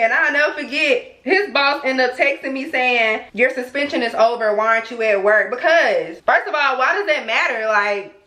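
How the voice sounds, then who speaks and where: A young woman vlogger chats to her viewers in an animated, storytelling way while doing her hair. Her voice sits high and sounds bright and sharp. The room gives it a noticeable echo. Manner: animated, talks straight to viewers as "y'all". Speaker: beauty vlogger. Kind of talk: casual storytelling chat while styling hair. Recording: roomy echo.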